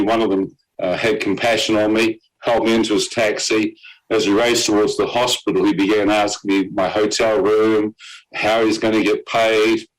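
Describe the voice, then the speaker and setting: A man's voice: fairly low pitch, poor audio. A man telling his own story as a testimony. He acts out the voices of the people he quotes and laughs between lines.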